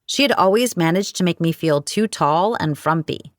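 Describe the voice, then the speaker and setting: Lively woman narrating a romance audiobook. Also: lowish voice, normal speed, dry recording, studio quality. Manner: wry, expressive first-person storytelling.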